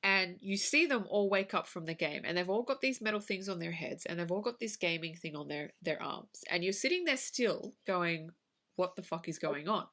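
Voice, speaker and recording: A woman's voice: on the low side, animated, moderate pace, few pauses, a bit bright. A woman co-hosting a podcast, chatting casually about a film, swearing and acting out her own reactions. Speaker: podcast co-host. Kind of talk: casual film review chat.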